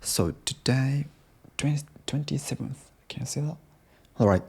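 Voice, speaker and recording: A man's voice: medium pitch, lively intonation, moderate pace, creaky, a little mellow, breathy edge. A young Japanese man with a Japanese accent, speaking English hesitantly with many restarts in a casual video diary. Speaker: English learner vlogger.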